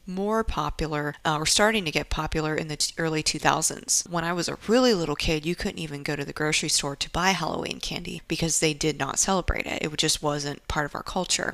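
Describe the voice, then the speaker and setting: A young woman with a low-pitched voice talks through a personal story, candid and lively with wry asides. The recording is dry and close, with no room echo. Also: vocal fry. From Japan. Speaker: podcast host. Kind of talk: casual storytelling monologue.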